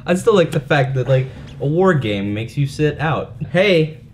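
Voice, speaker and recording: A man's voice: medium pitch, lively intonation, normal speed, slight background noise. A young man co-hosting a casual chat show, rambling, laughing and breaking into silly voices. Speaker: podcast co-host.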